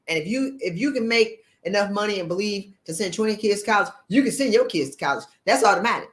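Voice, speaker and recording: A woman's voice: medium pitch, lively intonation, fast talker, hardly any pauses, reverberant. A woman leadership coach giving a motivational talk, blunt and emphatic, firing off rhetorical questions in sassy, colloquial speech.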